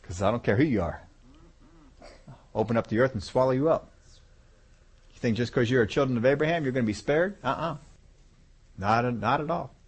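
A man preaching a sermon, animated, acting out voices of God and people and chuckling as he goes. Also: medium pitch, a little fast, long pauses, slightly rough.

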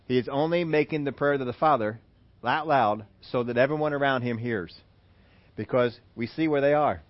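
A man preaching a sermon, animated, who acts out the voices he quotes. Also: medium pitch, moderate pace, no echo, lo-fi sound. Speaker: pastor.

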